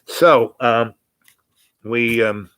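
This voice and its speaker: A man in his eighties casually telling a long personal story, rambling and halting with many fillers and restarts. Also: mid-range voice, fairly bright tone, clear, resonant tone, no echo. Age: 80s.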